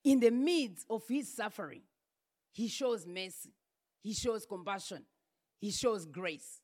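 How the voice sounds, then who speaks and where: A woman's voice: mid-range voice, measured pace, a little mellow. A woman preaching a sermon, building her points through emphatic repeated refrains.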